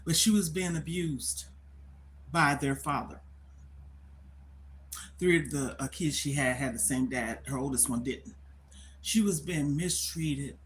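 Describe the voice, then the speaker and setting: An older woman tells a long personal story to her livestream viewers, with emphatic, repetitive phrasing. She talks into a phone in a casual, conversational way. A faint hiss sits under her voice. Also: low voice. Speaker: livestream host.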